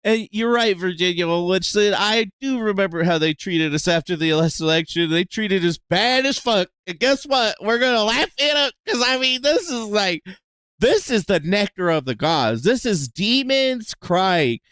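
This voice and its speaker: A man's voice: high voice, lively intonation, moderate pace, a bit bright, clear, resonant tone, dry recording. Profane, laughing male streamer. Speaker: livestream host. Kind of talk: casual livestream commentary.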